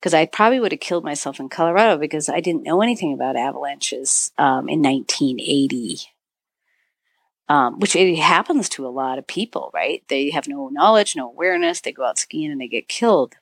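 A woman's voice: low-pitched, animated, brisk, no echo. A middle-aged woman from northern Michigan, a podcast guest telling a search-and-rescue story, acting out quoted dialogue with lots of "you know". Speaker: podcast guest, author and avalanche dog handler. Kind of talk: storytelling interview.

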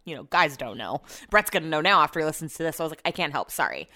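A young woman with a fairly low voice chats casually on her podcast from home. She rambles through a story and clears her throat often. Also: expressive, rapid-fire, sharp tone. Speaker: podcast host. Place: home with renovation noise nearby.

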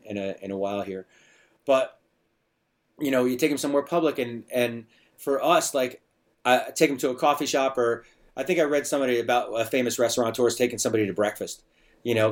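A middle-aged man in a casual podcast conversation, talking about his bar in a chatty, storytelling way, full of restarts and fillers. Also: medium pitch. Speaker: bar owner and bartender guest.

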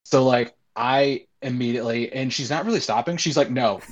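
A man's voice: mid-range voice, brisk, lo-fi sound. A man in his twenties telling a long personal story in casual talk, rambling with many fillers.

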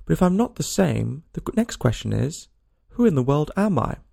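A man's voice: fairly high pitch, very animated, moderate pace, creaky, mellow, heavily acted. A man reading a storybook aloud and voicing a small curious girl who talks to herself in a rambling, worried way. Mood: puzzled.

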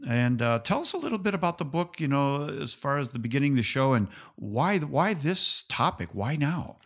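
A man's voice: mid-range voice, big pitch swings, normal speed. A man hosting an interview show in an easygoing, chatty way. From Minnesota. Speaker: host. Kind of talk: casual interview chat.

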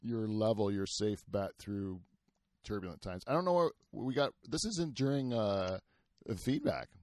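Guy hosting a chatty podcast, kinda low voice, rambles and swears a lot, totally dry sound. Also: expressive, unhurried, darkish tone, no room sound. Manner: rambling, swearing, many fillers and restarts. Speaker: podcast host. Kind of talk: casual chat.

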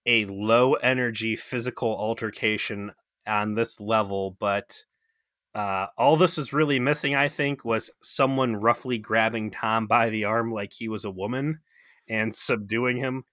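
A man's voice: on the low side, steady tone, measured pace, a bit bright, dry recording. A man co-hosting a podcast, recapping with dry, wisecracking remarks. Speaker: podcast co-host. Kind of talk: casual recap chat.

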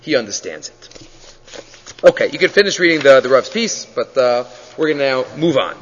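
A man teaching a Torah class as a rabbi, animated and full of questions. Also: medium pitch, normal speed, slight background noise. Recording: dull lo-fi audio in a reverberant hall.

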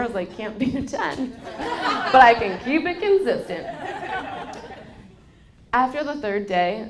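Candid woman host telling a parenting story. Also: medium pitch. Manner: candid storytelling, quotes people in a lively way. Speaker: podcast host. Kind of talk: casual advice talk.

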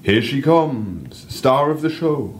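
A man's voice: lively intonation, takes it slowly, a little hiss or hum. A man putting on a rowdy Northern English bird guide. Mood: excited showman. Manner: booming showman patter with cheerful swearing. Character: red-faced male bird-show guide, boisterous, sweary. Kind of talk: reading fiction aloud.

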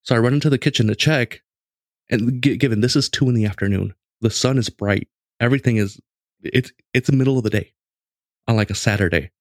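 A man in his late twenties casually telling a story in a lively, conversational way, with lots of restarts. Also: medium pitch, fairly quick, no room sound, clean studio sound. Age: late 20s.

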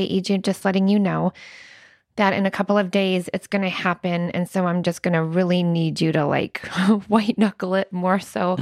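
A woman's voice: medium pitch, creaky, no room sound, studio quality. A woman co-hosting a podcast, talking openly and casually about her marriage and family, often laughing as she speaks. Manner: candid and confessional, laughs often. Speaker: podcast co-host. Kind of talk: casual chat.

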